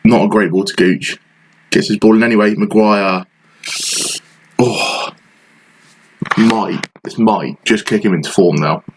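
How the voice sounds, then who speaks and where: A man's voice: lowish voice, measured pace, pauses often, slight background noise, low-quality recording. A man giving frustrated, sarcastic play-by-play commentary over a football management game he is playing. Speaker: gaming channel host.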